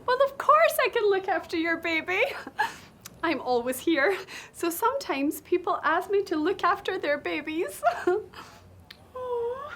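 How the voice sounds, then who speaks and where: A woman's voice: very high voice, sing-song, takes it slowly, a bit bright. A woman presenting a playful teaching sketch, giggling and shushing as she models phrases.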